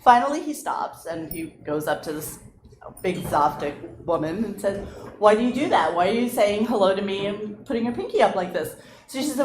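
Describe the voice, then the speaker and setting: A woman's voice: medium pitch, lively intonation, normal speed. A woman guest telling a dirty joke in a storytelling manner. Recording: echoey room with background noise.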